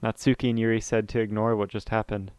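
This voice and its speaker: A man voicing a sad, upset teenage girl in a video game, keeping close to his own low voice. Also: little pitch movement, fast, darkish tone, smooth, dry recording, lightly acted.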